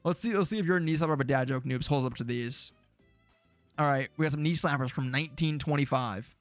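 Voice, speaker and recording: A man's voice: fairly high pitch, fairly quick, no room sound, faint music behind. A man streaming casually, reacting to old predictions with jokey, sarcastic remarks.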